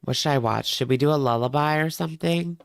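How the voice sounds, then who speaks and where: A man's voice: a little high, fast, gravelly, no echo, clean studio sound. A man hosting a reaction livestream, chatting casually with viewers in a rambling way.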